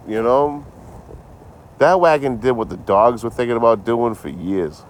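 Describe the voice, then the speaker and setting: A man's voice: mid-range voice, expressive, moderate pace, a little hiss or hum. A tipsy man casually chatting on a livestream from his phone, swearing often and trading sarcastic jokes with viewers. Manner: profane, sarcastic and rambling. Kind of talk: casual live-stream chat.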